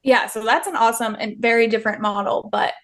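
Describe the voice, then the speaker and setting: Chatty woman with a higher voice. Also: steady tone, fast. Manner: chatty and agreeable, many fillers. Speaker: podcast host. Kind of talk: conversational interview.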